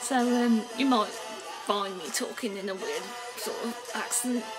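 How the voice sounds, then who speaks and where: Brummie woman vlogger, a little high-pitched, chatty and giggly, drifts off topic; music audible underneath. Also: a little slow, poor audio. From England. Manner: rambling, giggly, loses her thread. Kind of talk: casual chat to camera. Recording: clear music playing behind her.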